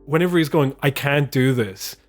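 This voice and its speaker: A man's voice: medium pitch, normal speed, soft background music. A male podcast co-host in casual comedic chat, rambling and swearing as he laughs through his points.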